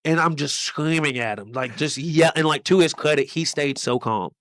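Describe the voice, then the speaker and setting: Profane, rambling man with a high voice. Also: normal speed, fairly bright tone, no room sound, clean studio sound. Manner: rambling, profane, many "like" fillers. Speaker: podcast host and comedian. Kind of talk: casual podcast storytelling.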